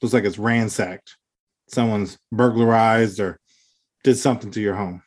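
A podcast co-host talking casually over a video call, telling stories in an animated way and laughing often. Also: medium pitch, normal speed.

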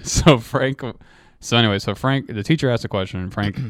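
A man's voice: medium pitch, brisk, dry recording, studio quality. A man co-hosting a podcast who tells a rambling, laugh-filled story in casual chat. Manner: rambling, laughs often, many restarts. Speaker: podcast co-host.

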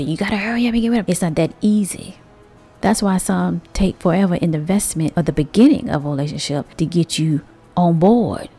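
Female host, mellow low voice, preachy but chatty motivational monologue with soft music behind. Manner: conversational, preachy, drawn-out emphasis; speaks with rhetorical asides to listeners.

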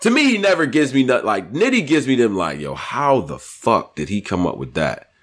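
A man co-hosting a casual chat show, animated and slangy, with lots of stammered restarts. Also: mid-range voice, brisk, slight background noise. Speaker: podcast co-host. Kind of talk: casual chat about battle rap.

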